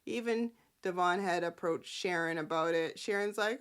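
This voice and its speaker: A woman hosting a casual soap-opera recap, sassy and animated, often breaking into character quotes. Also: fairly low pitch, normal speed, hardly any pauses, clear, resonant tone. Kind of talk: casual chat.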